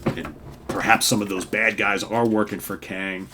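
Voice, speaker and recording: Older guy rambling thru an old comic, low voice, faint noise behind. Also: steady tone, moderate pace. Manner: rambling, lots of "right?" and "of course". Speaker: comic book reviewer host. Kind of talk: casual comic read-through.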